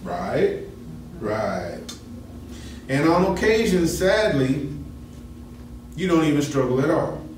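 A man leads a Bible class in a conversational way, pausing to check in with his listeners. He sounds set back from the mic in a very echoey room. A faint hum of room ambience sits behind him. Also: on the high side, big pitch swings, darkish tone, distant mic. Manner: conversational, asks the class questions. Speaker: Bible study teacher. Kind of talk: teaching a Bible lesson.

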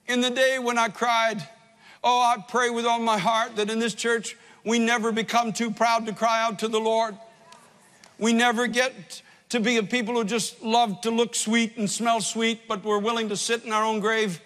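A male pastor preaching with passion, his voice very high and bright. His delivery swells from hushed pleading to ringing emphasis. The sound hangs in a long church reverb. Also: little pitch movement, normal speed. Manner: impassioned, swells from hushed to loud. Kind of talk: sermon.

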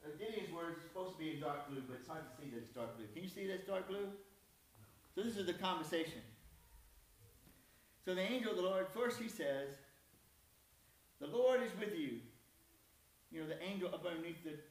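A man's voice: on the high side, quick pace. A man preaching a conversational sermon in a church, folksy and self-deprecating. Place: church sanctuary. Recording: echoey church hall from far off.

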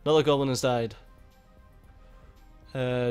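A man giving casual, excitable gameplay commentary, swearing a lot and laughing at the game. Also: medium pitch, moderate pace, smooth. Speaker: gaming YouTuber. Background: faint game music.

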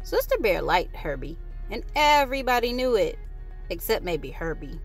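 A woman reading a children's picture book aloud, with expressive delivery and lively character voices. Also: mid-range voice, moderate pace, faint music behind. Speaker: storyteller.

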